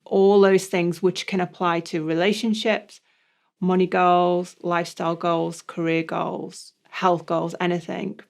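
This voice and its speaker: A man co-hosting a reflective podcast discussion, explaining ideas in a measured way. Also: high voice, level tone, gravelly. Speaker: podcast co-host.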